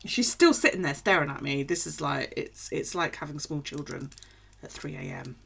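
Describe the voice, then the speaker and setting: Chatty gravelly-voiced woman. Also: sits low, normal speed, a little hiss or hum. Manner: chatty, swears freely, laughs often. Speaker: craft streamer. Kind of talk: casual live-stream chat. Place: home at night.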